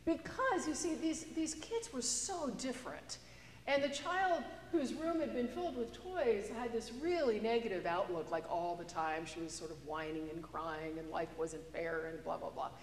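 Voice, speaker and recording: A woman's voice: medium pitch, normal speed, slight background noise. A woman pastor preaching a sermon in a chatty, storytelling way, recorded in a church. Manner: conversational, storytelling with a joke. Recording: echoey church with long reverb.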